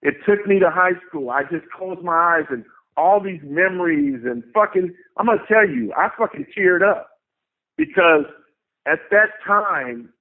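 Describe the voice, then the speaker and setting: A man with a slightly raised voice spins a story in a loose, profane, emphatic way. He comes through a thin, phone-like line that cuts off the lows and highs. The talk is casual interview storytelling. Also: lively intonation, moderate pace. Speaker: guest, tour manager.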